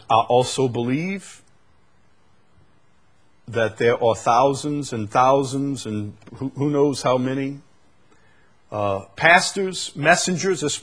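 A middle-aged male preacher giving a sermon, shifting from quiet musing to loud, emphatic outbursts. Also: medium pitch, slightly rough.

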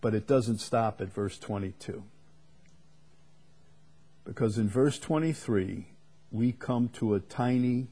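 A man's voice: medium pitch, takes it slowly, long pauses, dark tone. A man preaching a sermon, stressing and repeating key words with rising emphasis.

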